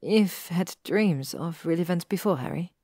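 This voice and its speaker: A woman voicing a skeptical, gently teasing young woman in a read-aloud audiobook story. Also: lowish voice, a little slow, dry recording, studio quality. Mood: doubtful. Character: young woman, doubtful and wry. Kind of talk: audiobook reading of fan fiction.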